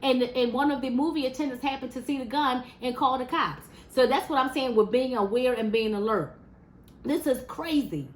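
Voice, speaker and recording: A woman's voice: high voice, normal speed. Exasperated woman venting in an echoey room. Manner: exasperated, repeats words, fires rhetorical questions. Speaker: vlogger. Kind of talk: casual opinion monologue to camera. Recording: roomy echo.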